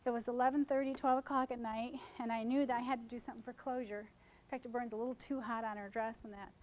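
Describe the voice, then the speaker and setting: A wedding photographer with a high voice presents a seminar talk to a room of colleagues, speaking fast through a stage microphone. She tells lively stories from her work and acts out the people she quotes.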